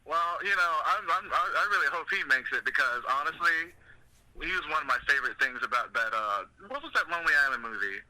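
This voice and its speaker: Bright, animated male podcast host; funny storyteller, quick to laugh. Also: a little high, rough recording. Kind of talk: casual comedic chat. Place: room in Los Angeles.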